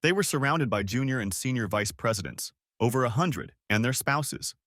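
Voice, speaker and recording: Expressive male audiobook narrator. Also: mid-range voice, normal speed, dry recording, studio quality. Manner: expressive storytelling read. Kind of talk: scripted narration.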